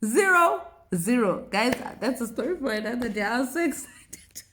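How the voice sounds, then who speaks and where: A young woman telling a personal faith testimony in a casual, animated way, often laughing. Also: fairly high pitch, moderate pace. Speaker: vlogger sharing a testimony.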